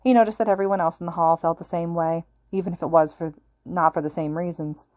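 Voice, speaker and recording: Woman narrator, fan fiction reading, low voice, calm steady pace, dry sound. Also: quick pace, dry recording. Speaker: podfic reader.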